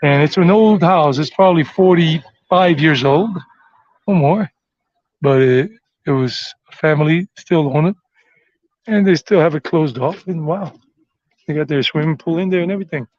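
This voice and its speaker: A man's voice: a little high, moderate pace, a little mellow, dry recording, muffled recording. An American man giving a rambling, chatty walking tour outdoors on city streets. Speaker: tour vlogger.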